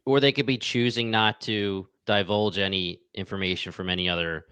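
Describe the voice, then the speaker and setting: Smooth-voiced podcast host man. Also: lowish voice, normal speed, no room sound. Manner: energetic, promotional, talks to listeners directly. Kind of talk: casual podcast chat.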